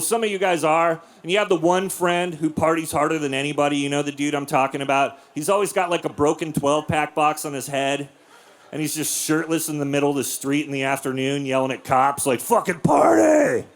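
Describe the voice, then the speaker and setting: A man in his forties doing a crude, deadpan stand-up set in a comedy club, acting out quotes in silly voices. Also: a little high, brisk. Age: 40s. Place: comedy club with a live audience.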